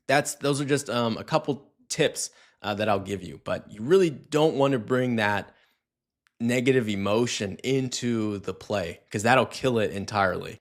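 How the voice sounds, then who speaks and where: Young guy talking dog training tips, relaxed and chatty, mid-pitched voice, says things twice for emphasis. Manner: casual, repeats key points, playful voices for dog talk. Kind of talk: instructional talk to camera.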